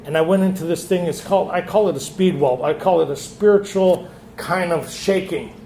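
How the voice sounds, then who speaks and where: A man's voice: high-pitched, normal speed, mellow, slight background noise. A man sharing his story at a recovery retreat, acting out the dialogue he quotes. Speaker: retreat speaker. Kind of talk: recovery meeting share. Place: meeting hall. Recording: echoey room.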